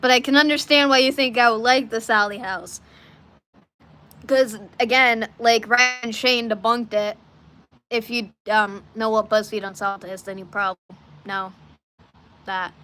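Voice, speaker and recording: Bright-voiced woman rambling on a livestream. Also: on the high side, fairly even intonation, a little slow, pauses often. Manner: rambling and chatty, many restarts and side stories. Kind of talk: casual rambling chat to a live audience.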